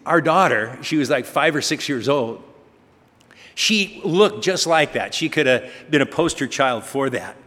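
A man's voice: medium pitch, animated, unhurried, fairly bright tone. A man preaching a sermon as pastor, telling stories conversationally and asking rhetorical questions. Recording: long reverb of a large hall.

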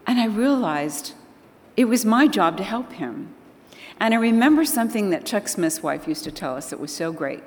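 An older woman speaking to a church audience, telling animated personal stories and acting out the conversations in them. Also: medium pitch, normal speed. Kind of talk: storytelling talk to an audience. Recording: long hall reverb.

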